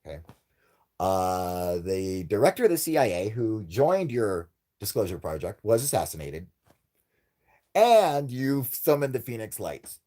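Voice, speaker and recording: A man's voice: lowish voice, sing-song, unhurried, mellow. A young man hosting a UFO live stream, swearing a lot and mocking people in a casual rant. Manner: profane, mocking, laughs often, does exaggerated voices when quoting. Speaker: UFO channel host.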